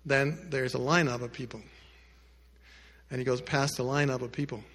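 A male pastor telling a story in a sermon, addressing the congregation directly and moving between loud emphatic lines and hushed quiet ones. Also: mid-range voice, fairly even intonation, normal speed, slightly rough, in a large hall. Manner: speaks directly to the congregation with asides.

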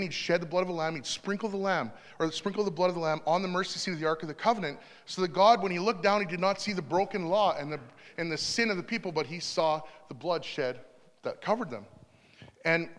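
Conversational male pastor in a reverberant church. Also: a little high. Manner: conversational, warm storytelling with asides. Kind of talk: sermon. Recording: long hall reverb.

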